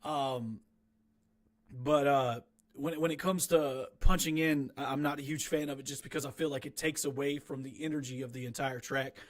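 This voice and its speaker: In a steady, mid-range voice at normal speed, a young man talks casually from his small home studio about his own rap track. He critiques it frankly and self-deprecatingly, rambling and restarting many times.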